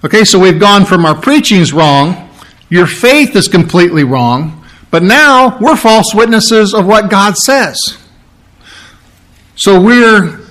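A man's voice: high-pitched, lively intonation, slow pace, fairly bright tone. A man preaching an expository sermon, teaching verse by verse in an emphatic way and repeating key words for weight.

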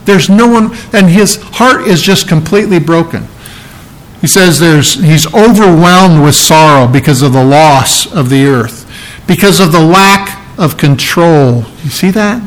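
A man's voice: a little high, lively intonation, measured pace, rough recording. A man preaching a sermon, reading Bible verses aloud and explaining them earnestly. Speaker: pastor.

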